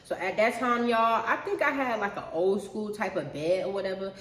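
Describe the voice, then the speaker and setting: A woman's voice: mid-range voice, normal speed, a bit bright, slight background noise. A young adult woman telling a personal story in a casual, profane monologue, often speaking straight to her viewers. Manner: chatty, profane, keeps addressing viewers as y'all. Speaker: storyteller vlogger. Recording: roomy echo.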